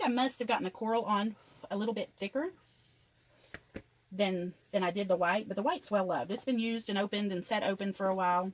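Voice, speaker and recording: A woman's voice: medium pitch, brisk, slight background noise, rough recording. An older woman chattily narrating each step of a craft tutorial as she works. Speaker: craft vlogger.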